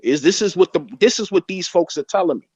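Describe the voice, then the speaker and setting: A man's voice: high-pitched, animated, fast, darkish tone, husky, dry recording. A man on a video call, arguing boxing in a heated casual debate and repeating his points insistently. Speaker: boxing podcast panelist. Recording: dull lo-fi call audio.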